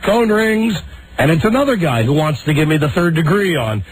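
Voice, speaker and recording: A radio host, a man, tells a story with a lively voice that swings up and down a lot. He sounds exasperated and puts on the voices of the people he quotes. His voice sits a bit high for a man, with a faint hiss behind him. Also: moderate pace, rough recording. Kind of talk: animated storytelling on talk radio.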